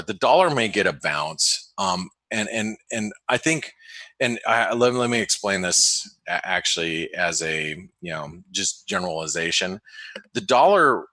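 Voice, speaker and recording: A man hosting a webinar, giving casual market commentary in a halting way, full of restarts and fillers. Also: lowish voice, expressive, bright, forceful tone, dry recording. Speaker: webinar host and market analyst. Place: home office in the desert.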